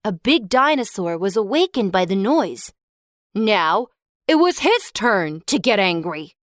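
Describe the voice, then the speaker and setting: A woman narrating a children's storybook in an expressive, slow storytelling manner. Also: mid-range voice, no room sound, studio quality. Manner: expressive, slow, sing-song.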